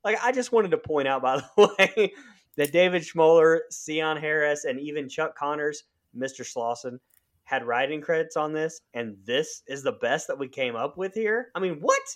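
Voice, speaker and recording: A man's voice: a little high, moderate pace. A man co-hosting a podcast, reviewing a horror movie in blunt casual chat, swearing and laughing as he rambles. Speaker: podcast co-host.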